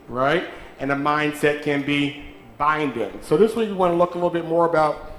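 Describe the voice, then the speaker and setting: A man's voice: a little high, fairly bright tone. A man preaching a sermon in a church, calling out to the congregation and teasing them. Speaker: pastor. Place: church sanctuary. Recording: echoey church sanctuary.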